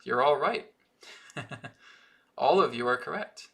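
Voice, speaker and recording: A man's voice: medium pitch, animated, slow, vocal fry, a bit bright. A man hosting a live-stream spiritual teaching and Q&A, talking earnestly and often checking in with "right?" and "okay?". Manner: reads viewer comments aloud from the chat.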